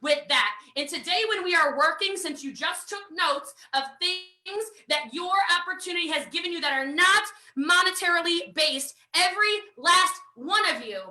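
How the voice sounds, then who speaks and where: High, punchy American woman coaching. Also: moderate pace, hardly any pauses, echoey room. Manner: energetic, emphatic, repeats phrases for drive. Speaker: network marketing trainer. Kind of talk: live online sales training.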